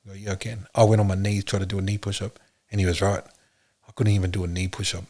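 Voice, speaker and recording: A man, a podcast guest, telling his story in an earnest, halting way with many fillers. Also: low-pitched, flat delivery, darkish tone. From Australia. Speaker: podcast guest, police officer. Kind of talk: casual interview talk.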